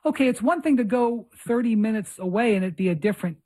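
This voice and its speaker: Quick and animated, this podcast host has a high voice with a dark tone. In casual chat he rambles through lengthy tales of his own blunders, mocking himself and frequently restarting his sentences midway.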